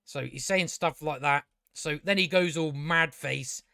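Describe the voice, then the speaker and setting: A man with a slightly high voice rants in a sarcastic, exasperated way, swearing freely and slipping into mocking impressions. The sound is dry and close, with no room around it. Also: a little slow, creaky, bright, forceful tone, clear, resonant tone, no echo. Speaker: show reviewer. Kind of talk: casual profane rant.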